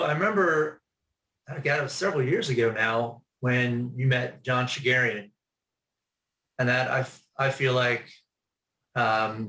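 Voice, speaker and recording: Man host, crisp bright tone, relaxed short prompts, echoey video-call room. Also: medium pitch. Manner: relaxed, brief prompts and affirmations. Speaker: interview host. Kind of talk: casual interview. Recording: roomy echo.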